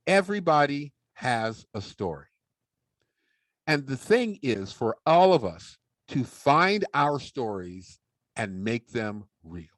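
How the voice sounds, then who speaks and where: A man telling a humorous personal story as a public speaker, animated and acting out the voices of the people in it. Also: on the high side, no room sound, poor audio. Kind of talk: storytelling speech.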